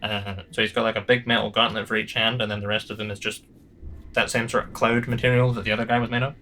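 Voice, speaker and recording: A man's voice: on the low side, flat delivery, fast, pushed and bright, slight background noise. A man narrating as game master in a tabletop game, rambling with many fillers and restarts. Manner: rambling, hesitant, lots of fillers.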